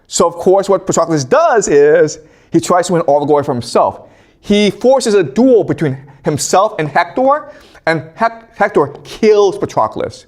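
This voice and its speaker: A male history lecturer retelling an ancient epic to a class in a casual, animated way. His fairly high voice swings widely in pitch, and he often breaks off to check in with listeners. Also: normal speed. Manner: animated storytelling with casual slang and frequent "okay?".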